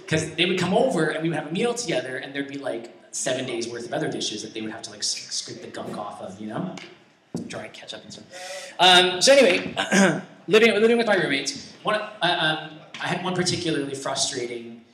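A man's voice: on the high side, bright, forceful tone, slight background noise. A young man giving an informal sermon full of personal stories, rambling and conversational with lots of restarts and self-deprecating humor. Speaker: preacher. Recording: echoey room, distant mic, faint ambience.

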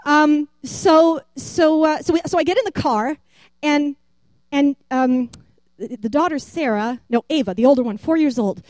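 A woman telling a rambling, animated testimony story and acting out the voices of the people in it. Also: high-pitched, a little slow, dry recording. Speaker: church member giving a testimony.

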